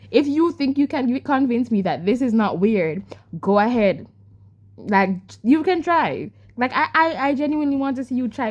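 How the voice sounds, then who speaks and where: A woman's voice: fairly high pitch, a little mellow. Exasperated young woman vlogging about books. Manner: exasperated, stammering repeats, rhetorical questions to viewers. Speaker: book vlogger. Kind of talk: casual reading vlog to camera.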